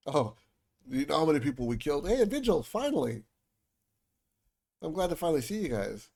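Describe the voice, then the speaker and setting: A man's voice: fairly high pitch, very animated, brisk, gravelly, darkish tone, husky. A man streaming a game, chatting casually with his viewers and reading game dialogue aloud. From United States. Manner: chatty, joking with chat, reads game lines aloud.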